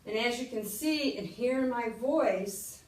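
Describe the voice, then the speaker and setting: A middle-aged woman demonstrating an exercise, talking slowly, slightly out of breath as she moves. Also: on the high side, darkish tone, distant mic. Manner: slow, instructive, counting out moves. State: getting winded. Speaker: fitness instructor. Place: room while exercising. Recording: echoey room, away from the mic.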